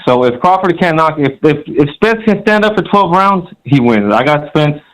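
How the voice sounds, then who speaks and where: A man's voice: a little high, lively intonation, normal speed, a bit bright, low-quality recording. A man calling in to a show, telling a rambling story in a swaggering, crude way. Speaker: caller. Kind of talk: casual storytelling on a call-in show.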